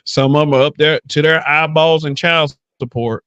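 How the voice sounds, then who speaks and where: A man's voice: fairly high pitch, steady tone, moderate pace, fairly bright tone, smooth, no room sound, dull audio. Blunt, profane man hosting a podcast. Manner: blunt, profane, mimics voices. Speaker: podcast host. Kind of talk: casual podcast chat.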